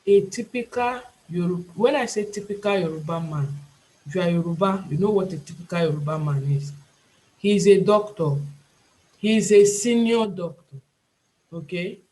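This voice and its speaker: A woman's voice: fairly low pitch, moderate pace, dark tone. Nigerian lady teaching a class on a video call, emphatic, keeps repeating herself, kinda pleading. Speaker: IELTS tutor and nurse. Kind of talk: online class lecture.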